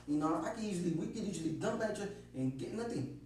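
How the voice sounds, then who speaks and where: A man's voice: high-pitched, expressive, fast talker, darkish tone. A man being questioned, nervously rambling through his account with lots of swearing and restarts. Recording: very echoey room, distant mic, faint hum.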